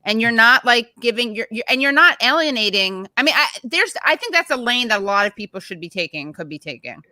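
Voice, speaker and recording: This podcast host's voice is slightly high and a little fast, with big swings in pitch and a sharp tone, recorded without echo. She talks politics casually on a video call, stumbling through fillers and frequent restarts as she feels her way along.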